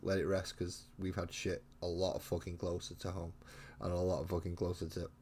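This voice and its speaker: A man's voice: low-pitched, completely flat delivery, fairly quick, darkish tone, a little hiss or hum. An English man chatting casually with his live-stream viewers while he paints miniatures, blunt and mocking, swearing constantly as he rambles. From England. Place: home hobby room.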